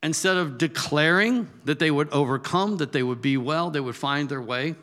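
A man preaching a sermon in an animated storytelling manner, his voice rising loud when he makes a point. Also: fairly high pitch, normal speed.

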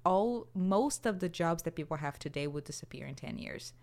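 A woman co-hosting a podcast, chatting casually and thinking out loud. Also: fairly low pitch, animated, moderate pace. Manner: chatty, thinks aloud with restarts. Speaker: podcast co-host. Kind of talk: casual chat.

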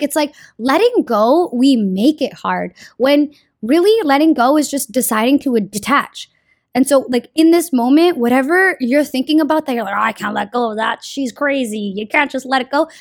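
A young woman gives casual spiritual advice in a slangy, earnest way, swearing freely. Her voice sits a little high. The sound is dry and close, with no room echo. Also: darkish tone. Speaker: card reading vlogger.

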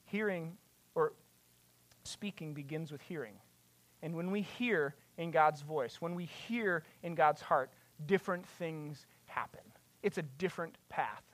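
Speaking unhurriedly in a medium-pitched voice, a preacher passionately delivers a sermon, asking rhetorical questions and swelling to loud, emphatic peaks. There's no room sound in the recording.

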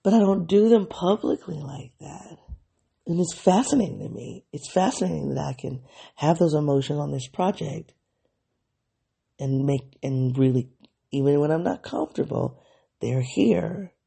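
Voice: medium pitch, animated, moderate pace, vocal fry, warm tone, slightly rough. A podcast host speaking candidly in a reflective solo diary episode, thinking aloud and analyzing their own feelings.

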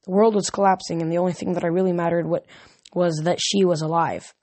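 A woman's voice: lowish voice, normal speed, warm tone. Woman reading a novel aloud. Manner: earnest, stumbles and corrects words. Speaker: reader.

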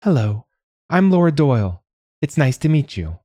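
A man's voice: mid-range voice, sing-song, normal speed, mellow, no echo, clean studio sound, pitched above the performer's own voice. A male narrator voicing a nasal, overly polite female social worker in an audiobook, his voice raised well above his own.

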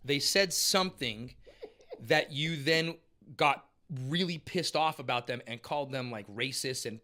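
A man guesting on a chat show, retelling a story quickly and teasingly. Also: fairly high pitch, expressive, bright, forceful tone. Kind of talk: casual chat.

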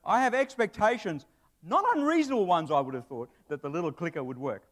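A man's voice: high voice, animated, fast. A man preaching a sermon to his church in a conversational way, with asides and humor. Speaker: pastor; broadcast presenter.

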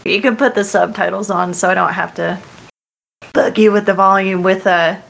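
Woman tabletop player, gravelly voice, bright tense tone, deadpan. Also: mid-range voice, moderate pace. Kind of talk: casual tabletop role-play.

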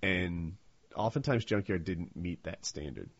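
Husky low-voiced man, lively, lo-fi. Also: a little slow, no room sound. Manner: rambling, explains with many restarts. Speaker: podcast co-host. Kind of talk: casual group chat. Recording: dull lo-fi sound.

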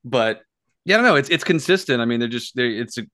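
A man's voice: mid-range voice, lively intonation, fast, a bit bright. A man on a podcast, musing loosely about film franchises with many fillers. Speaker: podcast co-host. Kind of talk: casual film discussion.

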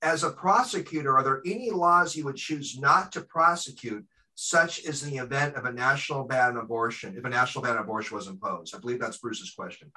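A man hosting a sports podcast, asking his guest questions in a quick, eager way. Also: mid-range voice, bright, forceful tone, poor audio. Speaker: podcast host. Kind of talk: interview questions.

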